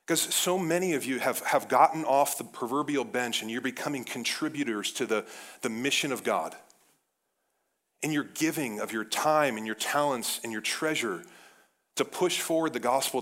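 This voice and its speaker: A man preaching to his congregation with lively, fired-up energy. His delivery is casual and conversational, full of "like" and direct calls to "guys". His pitch sits in the middle range for a man. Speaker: pastor. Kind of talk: sermon.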